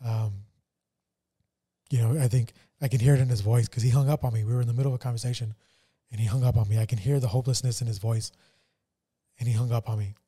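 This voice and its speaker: A man co-hosting a faith podcast speaks in a somber, halting way, full of fillers. His voice is very dark and mellow, at an ordinary pitch. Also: steady tone, breathy edge. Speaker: podcast co-host. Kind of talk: casual personal testimony.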